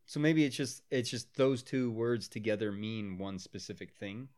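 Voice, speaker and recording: A man's voice: fairly low pitch, normal speed, a little mellow. Easygoing American man podcaster. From United States. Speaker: podcast co-host. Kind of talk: casual movie-riffing chat.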